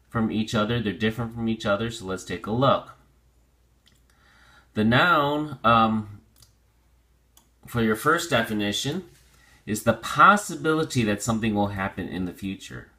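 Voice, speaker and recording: A male teacher with a low-pitched yet bright, forward voice walks through a vocabulary lesson. He drills pronunciation slowly and deliberately. He explains by repeating and rephrasing each point. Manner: explains with repetition and restatement.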